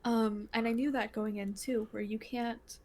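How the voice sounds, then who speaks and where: A woman's voice: on the high side, level tone, unhurried, a little mellow, a little hiss or hum. A woman co-hosting a podcast in casual chat, rambling with many fillers and restarts. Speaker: podcast co-host.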